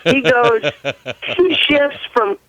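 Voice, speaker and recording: A man's voice: very high-pitched, slow. A man, an ATV racer from the US West Coast, telling stories as a guest in a casual interview, laughing often. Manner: laughs often, rambling, animated. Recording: tinny phone line.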